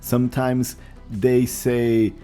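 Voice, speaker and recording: Slow, mellow-voiced male teacher. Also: mid-range voice, flat delivery, faint music behind. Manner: slow, careful, repeats phrases to demonstrate. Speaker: English teacher. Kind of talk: language lesson.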